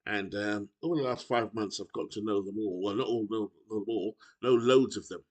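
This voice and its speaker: Speaking fairly quickly in a lowish voice, this man from the UK chats casually to camera about a baseball video game. His talk wanders and he often corrects himself, and the audio comes from a laptop microphone.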